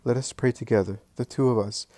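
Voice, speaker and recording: A man voicing a gentle, sorrowful mother who speaks softly and gravely. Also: medium pitch, steady tone, a little fast, dry recording, natural voice.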